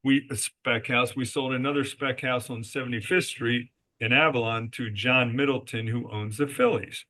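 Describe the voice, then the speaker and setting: A man's voice: medium pitch, fairly even intonation, moderate pace, few pauses, sharp tone. A man as a guest in a podcast interview, telling business stories emphatically and answering his own rhetorical questions. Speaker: guest, resort company executive.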